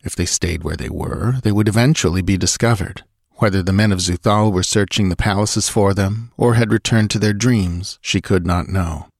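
Guy narrating an audiobook, low-ish voice, steady and measured, dry close mic. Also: dry recording. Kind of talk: scripted narration.

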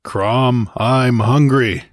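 Conan, a man doing a gruff barbarian. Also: lowish voice, unhurried, no echo, clean studio sound, close to an everyday voice. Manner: gruff, blunt. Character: gruff barbarian warrior, blunt and hungry.

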